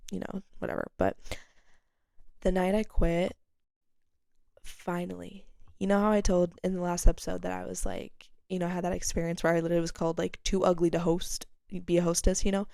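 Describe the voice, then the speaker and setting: A woman's voice: on the low side, little pitch movement, a little fast, vocal fry, mellow, no echo, studio quality. A young woman hosting a casual chat podcast, telling a rambling story full of fillers and restarts. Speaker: podcast host.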